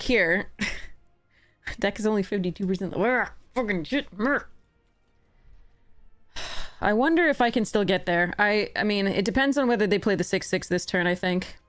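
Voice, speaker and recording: A woman's voice: medium pitch, lively intonation, normal speed, long pauses. A woman streaming a card game, thinking aloud, swearing and frustrated, with faint music behind. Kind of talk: live game commentary.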